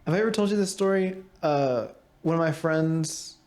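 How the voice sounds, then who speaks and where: A young man co-hosting a podcast tells rambling stories in casual chat, laughing often and using lots of fillers. His voice is a little high and darkish in tone, at a moderate pace.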